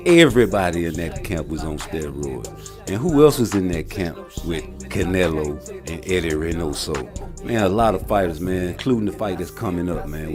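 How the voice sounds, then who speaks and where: A man ranting in slangy commentary on his vlog, tagging "man" onto nearly every phrase. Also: deep voice. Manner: heated slangy rant, ends phrases with "man". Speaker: vlogger and personal trainer.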